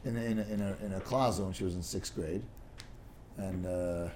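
A man's voice: low voice, steady tone, normal speed, warm tone. Guy rambling through a study class, keeps repeating words, faint hiss behind. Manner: mixes English with Hebrew and Aramaic terms. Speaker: Talmud class teacher. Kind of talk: casual study-class lecture.

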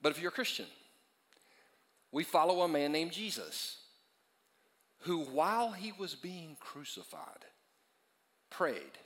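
Bright-voiced male pastor preaching. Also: on the high side, big pitch swings, slow, long pauses, in a large hall. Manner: emphatic repetition, swings between loud and hushed. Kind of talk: sermon. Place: church auditorium.

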